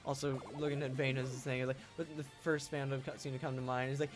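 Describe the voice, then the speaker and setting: A man's voice: medium pitch, level tone, quick pace, music in the background. A young man chatting casually on a game stream, rambling with many fillers and swearing. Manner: rambling, lots of fillers and swearing, loud laughing impressions. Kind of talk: casual gaming stream chat.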